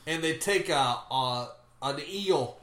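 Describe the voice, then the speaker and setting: A podcast co-host telling stories in a casual chat, animated and quick to giggle. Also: mid-range voice, slight background noise. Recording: echoey room.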